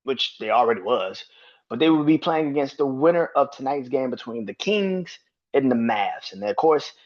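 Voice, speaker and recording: A man's voice: medium pitch, expressive, normal speed, muffled recording. A man hosting a sports podcast, ranting in a profane, heated way and repeating himself when worked up. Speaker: podcast host. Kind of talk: casual sports rant.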